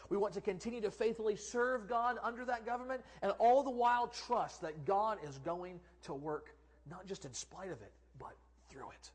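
A male pastor preaching a sermon, acting out quoted speakers and swinging from loud proclamation to a hushed near-whisper. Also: high voice, normal speed.

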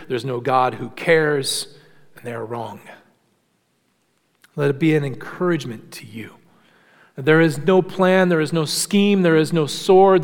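A man preaching a sermon in earnest, shifting between quiet low passages and raised emphatic ones, often repeating words as he restarts. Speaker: pastor. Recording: long hall reverb.

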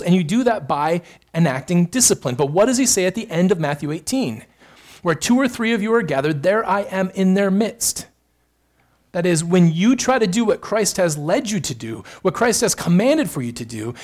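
A male pastor delivers a sermon with earnest emphasis, his voice climbing on the key points as he tosses quick asides to the congregation. His voice sits high and has a slightly mellow quality.

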